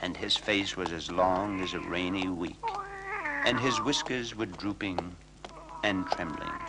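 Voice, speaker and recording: A man narrating a children's storybook record in a playful, animated way. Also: low-pitched, unhurried, background noise.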